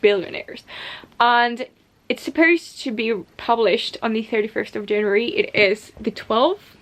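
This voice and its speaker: Talking casually to camera at home, a young woman rambles about her new books, drifting into asides and starting over. Her voice sits on the high side, fairly bright, and she takes her time.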